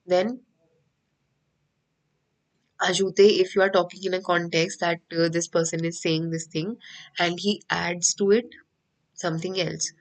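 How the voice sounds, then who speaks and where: A woman's voice: lowish voice, low-quality recording. Indian woman teaching French online. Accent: Indian English. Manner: patient, repeats each point slowly. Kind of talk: online class lecture.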